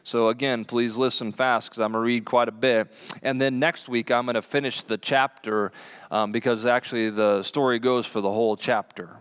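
A man's voice: medium pitch, steady tone, normal speed, fairly bright tone, smooth. A man preaching a sermon as a pastor in a church, chatting and asking the congregation questions. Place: church sanctuary.

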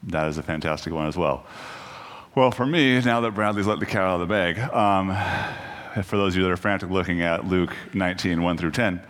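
Deep-voiced man preaching in a reverberant church. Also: brisk, fairly bright tone. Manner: conversational, self-deprecating, many restarts. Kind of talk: casual sermon. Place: church sanctuary.

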